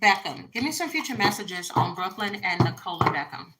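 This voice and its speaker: A woman's voice: on the low side, very animated, brisk, over loud music, low-quality recording. A woman, chatting bluntly and casually through a tarot reading for her viewers. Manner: chatty, blunt, frequent fillers. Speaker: tarot reader.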